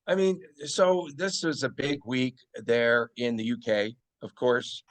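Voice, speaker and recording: A man's voice: medium pitch, animated, takes it slowly, a bit bright. A man hosting a sports podcast in a playful, teasing way, often mock-outraged. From Las Vegas. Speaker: podcast host. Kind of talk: casual sports podcast chat.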